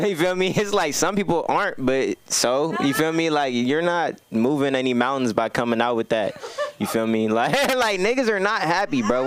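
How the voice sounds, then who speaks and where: A man's voice: medium pitch, a little hiss or hum. A man doing a stand-up set at an open mic. He talks in a laid-back, slangy way and stacks up repeated lines to build a joke. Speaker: stand-up comedian. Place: comedy club stage.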